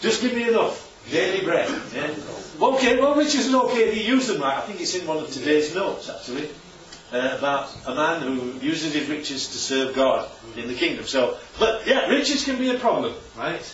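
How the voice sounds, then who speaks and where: A man preaches with a high, animated voice that keeps swinging up and down as he quizzes his listeners and throws in jokey asides. He sounds far off in a roomy church hall. The recording is dull, lo-fi, and has a faint hiss. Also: moderate pace. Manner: asks the audience questions constantly. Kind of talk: interactive Bible teaching.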